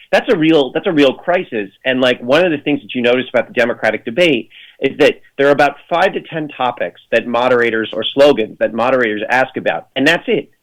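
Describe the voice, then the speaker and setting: A man's voice: medium pitch, rough recording. A man speaking as a radio guest in a casual, rambling way, full of fillers and restarts, with sardonic jokes. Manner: sardonic jokes in mock voices. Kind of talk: casual radio interview chat.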